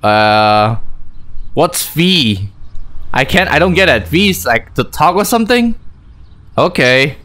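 A man's voice: fairly high pitch, sing-song, slow pace, pauses often, a bit bright. A man giving chatty, self-mocking let's-play commentary as a gaming YouTuber, thinking aloud.

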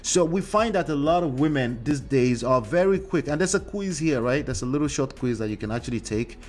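A man's voice: medium pitch, animated, a little fast, a little mellow, slight background noise. A man hosting a relationship commentary show in a casual monologue, talking conversationally with frequent "right?" tags and fillers.

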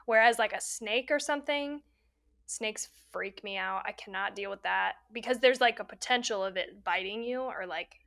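A woman's voice: mid-range voice, moderate pace, gravelly. A young adult woman co-hosting a casual podcast, telling stories animatedly with frequent laughs and lots of "like". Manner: animated storyteller, laughs often, says "like" a lot. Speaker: podcast co-host. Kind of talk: casual chat.

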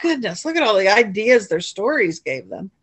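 A woman librarian reading a picture book aloud at a library storytime, pausing for chatty asides to children. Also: mid-range voice, sing-song, a bit bright, husky. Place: public library.

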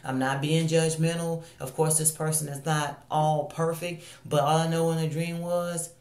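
A woman's voice: deep voice, little pitch movement, normal speed, darkish tone, echoey room. A woman ministering online, telling a personal faith testimony in an earnest, confessional way, often repeating phrases.

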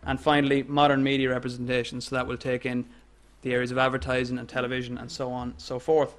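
A man with an Irish accent giving an academic lecture in a measured way, with fillers and restarts. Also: mid-range voice, monotone. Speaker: guest lecturer.

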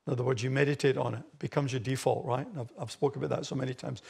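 Australian male pastor, gravelly husky voice, emphatic sermon delivery. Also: mid-range voice, fairly even intonation, quick pace, few pauses. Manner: emphatic preaching, rising loud on key phrases. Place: church hall.

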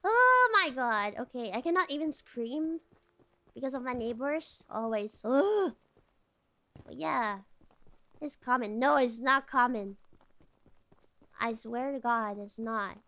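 High, bright-voiced excitable woman streamer. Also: slow pace, pauses often. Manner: excitable, jumpy, shrieks when startled. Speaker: VTuber streamer. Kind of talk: casual gameplay commentary. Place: at home.

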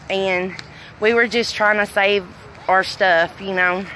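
Speaking unhurriedly at medium pitch with fairly even intonation and a fairly bright tone, a middle-aged Arkansas woman with a Southern accent livestreams outdoors at a fireworks tent after a storm. She's a bit out of breath, chatty and affectionate, reading comments aloud and laughing often. Her phone, held at arm's length, makes a low-quality recording with slight background noise.

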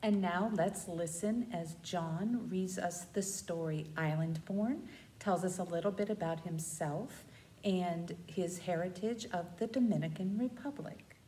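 A woman children's librarian teaching simple phrases in a slow sing-song way. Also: fairly low pitch, dark tone, slight background noise. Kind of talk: storytime teaching. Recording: echoey room.

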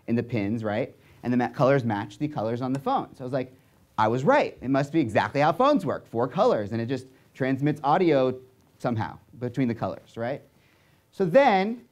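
Young adult man, stage talk, animated storytelling, frequent check-ins with the crowd. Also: medium pitch. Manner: animated, lots of "right?" and "okay?" check-ins. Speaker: speaker.

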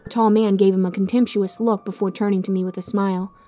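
Mellow-voiced woman narrating a horror story. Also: medium pitch, flat delivery, fast talker, faint music behind.

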